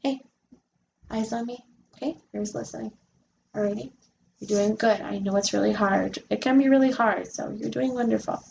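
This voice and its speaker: A woman's voice: mid-range voice, steady tone, moderate pace, gravelly, a little mellow, muffled recording, a little hiss or hum. A woman tutoring a young child in reading, patiently sounding out letters and encouraging her. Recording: echoey room recording.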